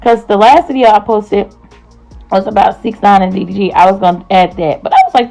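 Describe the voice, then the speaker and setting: A woman's voice: medium pitch, brisk, vocal fry, mellow, soft background music, rough recording. A woman hosts a gossip vlog and recaps online drama in a chatty, casual way, full of slang and asides to her viewers. Her voice sits in a middle register, and she talks straight into the camera. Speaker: host.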